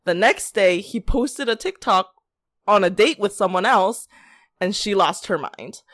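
A woman's voice: mid-range voice, a little slow, a bit bright, no room sound, studio quality. A woman co-hosting a podcast, chatting casually with a giggly, rambling way of talking full of "like". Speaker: podcast co-host. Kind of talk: casual gossip chat.

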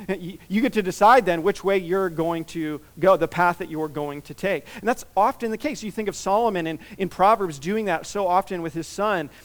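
A man's voice: sits high, normal speed. A man preaching in a conversational sermon style, reading scripture and teaching with many fillers and restarts.

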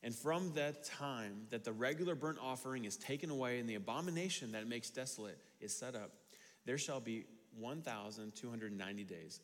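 A man's voice: mid-range voice, expressive, a little fast. A man pastor giving a conversational sermon, repeating phrases as he works through a passage. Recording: reverberant hall.

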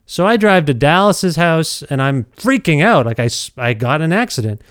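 Animated man telling a story. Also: a little high, moderate pace, dry recording, studio quality. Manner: animated, self-deprecating, nervous restarts. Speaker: podcast storyteller. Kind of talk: casual storytelling.

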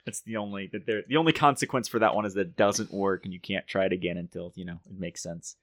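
Man, game master, laid-back and halting, lowish voice, dry recording. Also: steady tone, no echo. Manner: hesitant, restarts sentences, laid-back. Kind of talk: narrating a tabletop game.

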